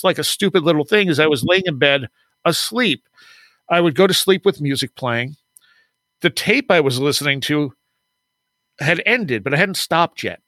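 A man with a voice on the high side and a fairly bright tone, captured in a dry recording, is a guest on an interview podcast. An author and paranormal researcher, he chats through stories casually, voicing the quoted dialogue himself and laughing frequently.

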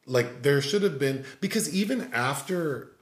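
A man's voice: fairly high pitch, expressive, a little slow. A man giving a rambling, filler-heavy critique of a film in casual chat. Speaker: film reviewer. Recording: roomy echo.

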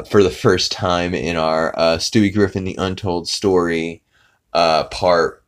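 A man with a deep, low voice hosts a casual podcast and recaps an episode in a rambling way. He fills his talk with "uh"s and restarts, and drops swear words freely. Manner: rambling with many fillers and swearing. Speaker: podcast host.

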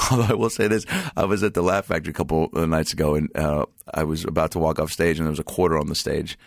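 A man guesting on a podcast, animated and casual, swearing and saying "dude" a lot as he tells stories. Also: fast, vocal fry, dry recording, clean studio sound. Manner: animated storyteller, acts out dialogue in high voices. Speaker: comedian guest.

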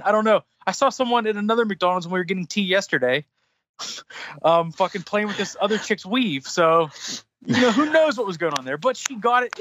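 A man's voice: sits high, dry recording. A man casually retelling a frustrating story as a podcast host, heavy on swearing and getting heated. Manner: profane, heated, animated retelling.

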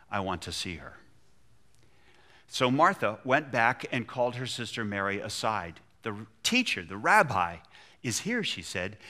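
A man's voice: mid-range voice, sharp tone. A man preaching a sermon, retelling a scripture story and acting out the quotes with feeling. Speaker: pastor.

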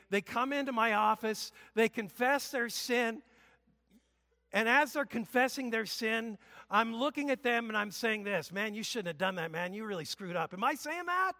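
A male pastor giving a conversational sermon, with emphatic bursts and loud exclamations, in a church. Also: very high voice, moderate pace, long reverb tail. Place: church sanctuary.

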